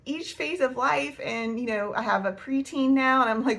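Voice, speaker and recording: A woman's voice: high-pitched, normal speed, few pauses, a bit bright. A woman, talking casually to camera as a homeschool vlogger, chatty and laughing often. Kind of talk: casual faith-based talk to camera.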